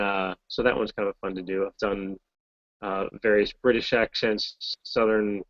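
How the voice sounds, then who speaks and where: A voice actor from Massachusetts chatting casually on a video call, rambling and correcting himself with a wry tone. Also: male voice, lowish voice, fairly even intonation, normal speed, a bit bright, no echo, muffled recording. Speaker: voice actor guest. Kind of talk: casual chat in a video hangout.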